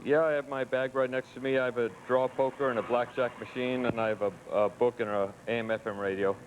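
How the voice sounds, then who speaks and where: A man's voice: medium pitch, flat delivery, brisk, poor audio. Tired guy on a satellite link, short plain answers, light hiss. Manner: terse, tired, matter-of-fact answers. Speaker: record-setting guest on satellite link. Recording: satellite feed with faint hiss.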